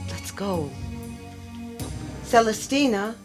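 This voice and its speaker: An actress playing a gentle, cautious nurse in a radio drama, with a soft, soothing way of talking. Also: female voice, mid-range voice, lively intonation, slow pace, over music.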